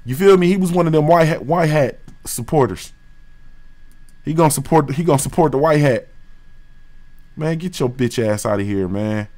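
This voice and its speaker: A man's voice: a little high, normal speed, long pauses, a little mellow. A man from Dayton, Ohio, hosting a boxing talk livestream in a heated, profane, slang-filled rant. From West Dayton, Ohio, USA. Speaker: boxing talk show host.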